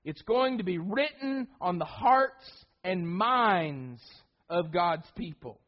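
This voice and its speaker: High-voiced preacher with emphatic delivery. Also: male voice, lively intonation, slow pace, muffled recording. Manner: emphatic, with frequent repeated words and restarts. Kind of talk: sermon.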